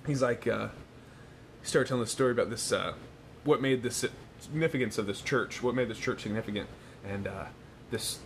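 A young man chatting casually and spinning an animated story. He jumps into loud, laughing exclamations. A faint rumble runs underneath. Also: brisk, gravelly. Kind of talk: casual chat.

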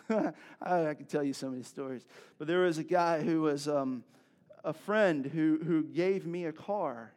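Animated preacher man, slightly high voice. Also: a little slow. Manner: conversational, animated storytelling with laughs and asides to the congregation. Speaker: pastor. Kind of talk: sermon.

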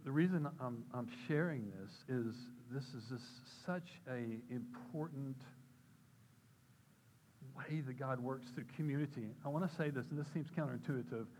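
An older man giving a personal testimony talk at church, telling a story and acting out quoted voices with sudden jumps in pitch. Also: moderate pace, noisy background. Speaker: church speaker.

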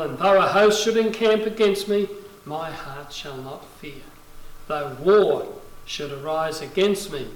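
A male pastor preaching a sermon, reading scripture aloud and voicing quoted lines with dramatic rises in force. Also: high voice. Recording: roomy echo, voice from a distance.

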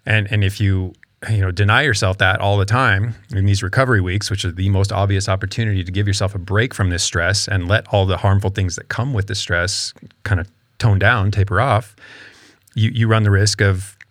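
Male cycling coach, podcast regular, lower voice, dry studio sound, explanatory and thoughtful. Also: steady tone, brisk, fairly bright tone, dry recording. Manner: explanatory, repeats words as he thinks. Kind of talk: podcast discussion.

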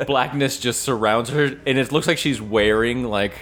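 A man's voice: medium pitch, moderate pace, fairly bright tone. Playful man running a tabletop game. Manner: playful, laughing often. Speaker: game master.

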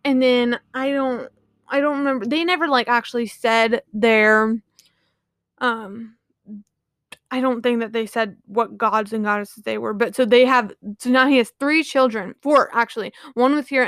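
A woman's voice: fairly high pitch, fairly even intonation, moderate pace, fairly bright tone, clean tone, no echo, studio quality. A woman casually retelling a myth to her viewers, rambling with lots of "like" and "you know".

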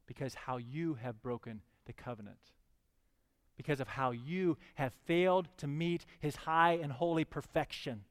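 A man's voice: a little high, a little slow, big-room sound. A man preaching a sermon, reading scripture aloud and pressing his listeners with questions. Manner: reads scripture, then preaches with rising fervor.

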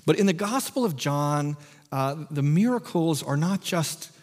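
A man's voice: fairly high pitch, expressive, a little slow, in a large hall. An American man preaching a sermon as pastor, conversational and jokey, often restarting his phrases.

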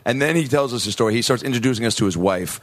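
A man, a comedian, chatting casually and telling an animated story with acted-out voices. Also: medium pitch, very fast. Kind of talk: casual chat.

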